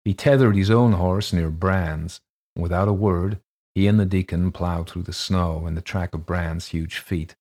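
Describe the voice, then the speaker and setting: Deep husky-voiced male story narrator. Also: fairly even intonation, moderate pace, a little mellow. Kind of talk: audiobook reading of a ghost story.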